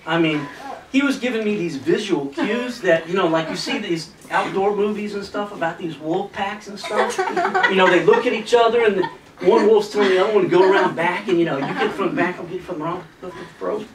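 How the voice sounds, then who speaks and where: A man's voice: high voice, fairly quick. A man telling a funny hunting story in a casual way, laughing often as he talks. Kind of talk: casual anecdote. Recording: roomy distant camcorder audio with loud noise.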